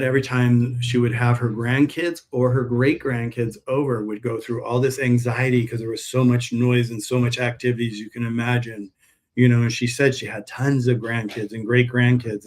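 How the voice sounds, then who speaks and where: Guy rambling on a live stream, middle pitch, keeps restarting his sentences. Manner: rambling storyteller, many restarts. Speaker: host, pet supplement seller. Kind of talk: live stream chat with viewers.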